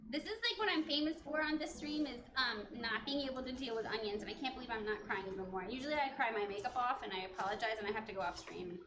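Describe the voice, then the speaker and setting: A woman's voice: on the high side, fast talker, hardly any pauses, lo-fi sound, background noise. Chatty woman streaming in an echoey kitchen. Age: late 30s. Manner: chatty, self-mocking, laughs often. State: teary from cutting onions. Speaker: cooking streamer. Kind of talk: casual live-stream cooking chat.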